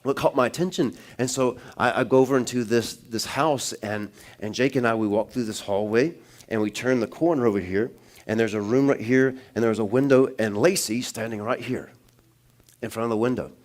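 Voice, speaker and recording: A man preaching in a church, telling a personal story in a relaxed, conversational way with restarts, then building to loud, emphatic preaching. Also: mid-range voice, brisk. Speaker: pastor. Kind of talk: sermon.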